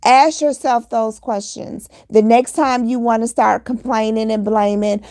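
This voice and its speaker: A woman with a fairly high voice delivers a motivational monologue straight to her listeners. She speaks earnestly and hammers her points home by repeating them. The sound is dry and close, with no room echo. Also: a little slow, hardly any pauses, darkish tone. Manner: earnest, repetitive, preachy exhortation. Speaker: motivational vlogger.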